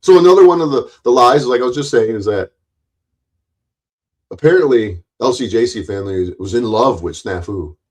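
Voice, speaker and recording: A man in the middle of a heated livestream rant, swearing freely and mocking his critics with sarcasm. His delivery is loud and forceful, and he calls it passion rather than anger. His voice sits at an ordinary middle pitch for a man. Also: normal speed. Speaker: YouTube channel owner.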